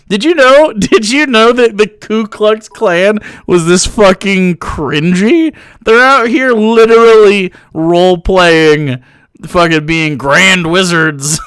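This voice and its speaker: A man's voice: sits high, animated, slow pace, fairly bright tone, clear, resonant tone, no room sound. A young man giving sarcastic, profane live-stream commentary, mocking what he reads on a close desk mic.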